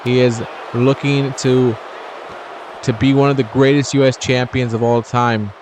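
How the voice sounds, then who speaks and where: A man in a middle register calls a video game wrestling match in a loose, chatty play-by-play style. He gets excited and his voice leaps up when a big move lands. Steady street and traffic noise hums clearly behind him. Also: unhurried. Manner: chatty, excitable, jumps in pitch at big moves. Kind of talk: casual play-by-play commentary.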